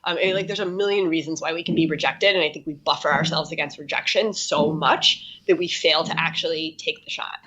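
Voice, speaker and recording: Low-voiced woman, dull lo-fi audio. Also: fairly even intonation, fairly quick, few pauses, a bit bright. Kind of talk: casual podcast chat.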